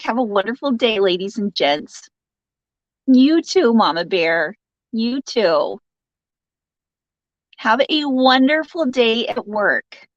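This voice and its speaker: Woman hosting a live chat, lively up-and-down voice, dry dull lo-fi sound, jokey and chatty. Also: mid-range voice, no room sound. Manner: chatty, laughing often, sympathetic and joking. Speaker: livestream host reading viewer comments. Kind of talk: casual chat.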